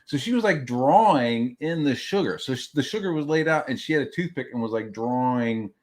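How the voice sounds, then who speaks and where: A man hosting a livestream talks loosely about his young daughters, tripping over restarts and dropping swear words along the way. His voice sits at an ordinary middle pitch but swings up and down a lot as he tells the story. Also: brisk. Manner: animated, swears freely, rambling with restarts. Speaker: livestream show host. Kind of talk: casual anecdote telling.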